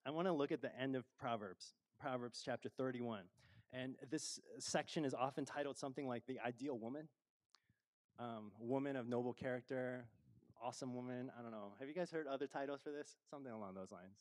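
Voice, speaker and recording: A man's voice: medium pitch, fairly quick. A middle-aged man preaching a sermon as a pastor, conversational and self-deprecating, with frequent fillers and laughs.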